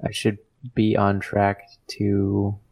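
Male co-host, low gravelly voice, flat delivery, rambling casual talk. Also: slow. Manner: rambling, heavy on "like" fillers. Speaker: podcast co-host. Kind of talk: casual podcast chat.

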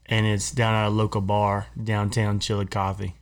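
At normal speed and in a fairly low, completely flat voice, a man co-hosting a studio podcast tells a long, casual story among friends. He rambles, repeats himself, and laughs as he goes.

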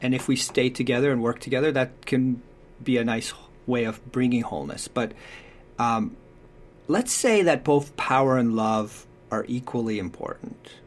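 A man's voice: medium pitch, moderate pace. A man talking through parenting advice in a reflective, conversational way, often checking in with "right?".

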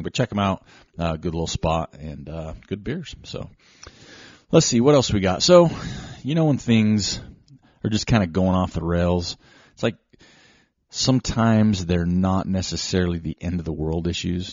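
A man hosting a show, telling a casual, rambling, self-deprecating story with animated asides. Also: low voice, dry recording. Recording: slightly dull lo-fi recording.

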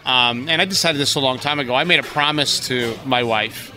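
A man's voice: medium pitch, brisk, sharp tone. A man co-hosting a podcast, talking in a brash, profane, teasing way. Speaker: podcast co-host. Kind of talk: casual chat.

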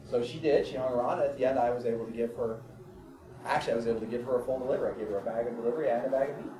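A pastor preaches a sermon in a mid-range, warm voice with fairly even intonation, racing along as he reads scripture with rising fervor, then shifts to telling everyday stories conversationally. He's far from the mic in an echoey room with a crowd.

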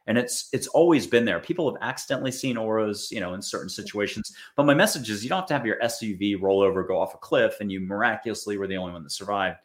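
A man's voice: fairly low pitch, lively intonation, quick pace, few pauses. A man from the United States giving a casual spiritual talk to an audience, chatty and acting out little quoted voices. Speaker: spiritual speaker.

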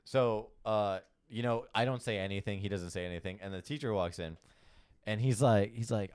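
A man's voice: fairly low pitch, fairly quick, a little mellow, clean tone. A young man on a casual podcast, telling a story with lots of laughs, swearing and quoted dialogue. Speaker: podcast co-host.

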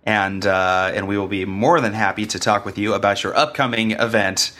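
A man appearing as a podcast guest, his voice scratchy from a cold, speaking haltingly and politely with many pauses. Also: lowish voice, steady tone, bright, forceful tone. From Sacramento area, US. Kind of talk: casual podcast chat.

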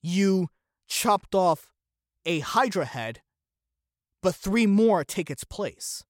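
A man's voice: high voice, animated, slow, a little mellow, dry recording, studio quality. Sarcastic, opinionated male podcast host. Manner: opinionated, fires off rhetorical questions. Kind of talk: solo commentary podcast.

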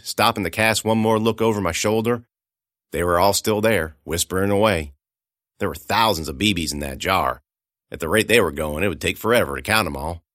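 A man narrating a first-person horror story dramatically, voicing the dialogue loudly and dropping to a hush for quiet moments. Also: on the low side, no room sound, studio quality. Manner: expressive, shouting out the dialogue, hushed for quiet moments.

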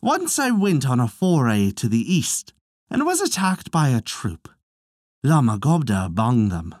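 A man's voice: medium pitch, wildly swooping pitch, unhurried, a little mellow, no room sound, clean studio sound. A man voicing a boastful, taunting male warrior in an audiobook reading of an old legend, his tone proud and mocking.

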